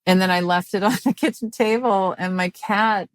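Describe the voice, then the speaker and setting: A woman in her fifties from Mississippi, a comedian chatting as a guest in an interview in a dry, halting way, full of restarts and fillers. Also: medium pitch, dry recording. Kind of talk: casual interview chat.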